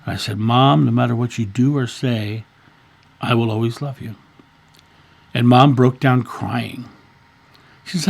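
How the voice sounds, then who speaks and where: Fifties male host, raspy and gravelly, earnest story told in a casual talk. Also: medium pitch, fairly even intonation, a little slow, pauses often. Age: 50s. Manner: earnest, repeats words while telling a story. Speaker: spiritual channel host.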